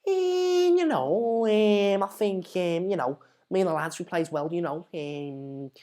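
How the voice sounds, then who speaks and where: A man's voice: high-pitched, expressive, mellow. A man doing a mumbling Scouse footballer. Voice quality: halting, full of "um, you know". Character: mumbling young male footballer after a match.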